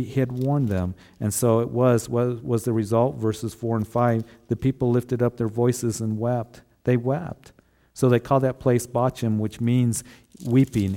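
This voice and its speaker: Mellow-voiced man preaching a sermon. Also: medium pitch. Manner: earnest, repeats rhetorical questions. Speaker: pastor.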